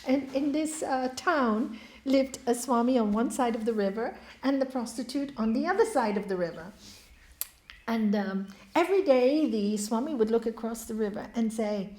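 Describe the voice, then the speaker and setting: High-voiced woman giving a spiritual talk. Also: normal speed. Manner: warm storytelling, asks the audience questions. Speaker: spiritual speaker. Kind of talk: inspirational talk to an audience. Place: hall. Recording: echoey hall.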